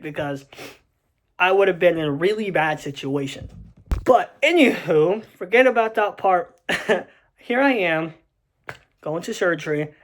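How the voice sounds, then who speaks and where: A young adult man casually telling a personal story to camera, rambling with many restarts and fillers. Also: on the high side.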